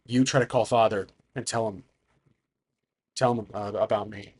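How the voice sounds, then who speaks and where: Brief: man voicing a quiet, clipped hero, dropped pitch, low-key. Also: steady tone, moderate pace, natural voice. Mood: calm. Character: calm, laconic young male adventurer.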